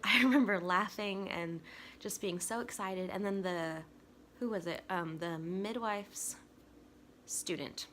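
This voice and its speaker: A young woman vlogger telling a personal story in a casual, chatty, excitable way. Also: on the low side, slight background noise. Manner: excitable, chatty, talks with 'like' often.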